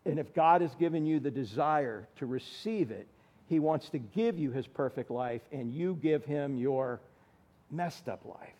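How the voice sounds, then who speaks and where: Animated high-voiced man preaching. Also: a little slow. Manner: animated, calls on listeners by name, asks the room questions. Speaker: pastor. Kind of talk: sermon.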